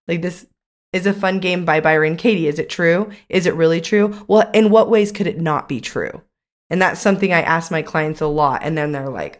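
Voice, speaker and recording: A woman's voice: on the low side, fairly quick. A young adult woman co-hosting a casual podcast chat as a coach, talking in a chatty way with many "like" fillers.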